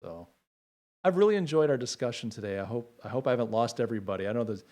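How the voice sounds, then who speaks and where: A middle-aged man talks straight to his viewers on a casual home livestream. His voice sits at an ordinary middle pitch, and his speech is heartfelt and halting, full of small fillers. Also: big pitch swings, warm tone. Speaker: livestream host.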